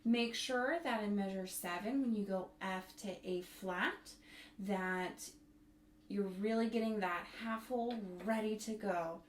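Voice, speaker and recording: Woman bassoon teacher, mid-pitched, talks students through rhythms, roomy sound with light hiss. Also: measured pace. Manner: counts and sings rhythms aloud. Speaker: bassoon instructor. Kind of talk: music tutorial. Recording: echoey room, faint noise.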